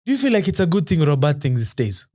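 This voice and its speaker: A man with a Kenyan accent co-hosting a podcast, a lively storyteller who often laughs and mixes slang into casual chat. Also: a little high, very fast. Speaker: podcast co-host.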